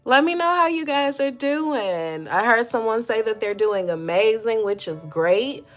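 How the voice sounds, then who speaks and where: A woman's voice: on the high side, expressive, a little slow, faint music behind. A woman, hosting a casual mental health livestream, chatty and encouraging, greeting viewers and reading their comments aloud. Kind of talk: casual motivational livestream talk.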